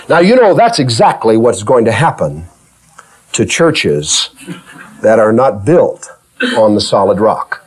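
Animated preacher man with swooping pitch. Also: unhurried, breathy edge. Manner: dramatic, swings between loud high exclamations and hushed low passages; acts out scripture figures in plain speech. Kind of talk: sermon.

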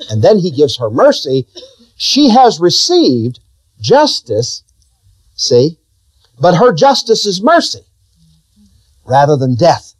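A man's voice: wildly swooping pitch, slow, pauses often, no room sound. A man preaching a sermon. He asks his listeners questions and swings his voice up and down for emphasis. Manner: preaching with sudden rises and drops in pitch, asking the listeners questions.

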